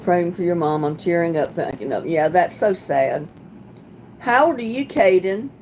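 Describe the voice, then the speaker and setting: A woman hosting a casual livestream, chatting with viewers as she reads their comments, sympathetic and quick to laugh. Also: fairly low pitch, lively intonation, a little mellow, slight background noise. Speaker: livestream host.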